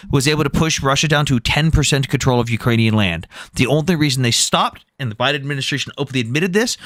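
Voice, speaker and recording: A man's voice: mid-range voice, a bit bright, no room sound, clean studio sound. A man hosting a live debate stream, arguing bluntly, citing numbers and swearing freely. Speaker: debate livestream host.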